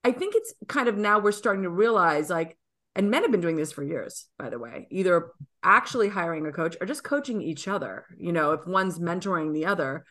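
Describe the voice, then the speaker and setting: A woman's voice: on the low side, sing-song, brisk, a bit bright. A woman co-hosting a podcast as a coach, talking in a chatty, emphatic way with lots of fillers. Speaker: podcast co-host and women's coach. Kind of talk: casual podcast chat.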